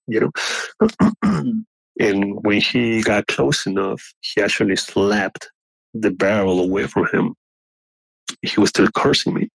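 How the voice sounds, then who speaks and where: Gravelly-voiced man telling his story. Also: on the low side, no room sound, rough recording. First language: not English. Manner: earnest, halting, restarts and clears throat often. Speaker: guest telling an encounter story. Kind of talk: first-person storytelling.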